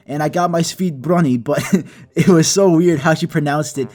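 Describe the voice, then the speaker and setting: A young man narrating a comedic story in a profane, animated, self-mocking way. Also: fairly high pitch, moderate pace. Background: soft background music.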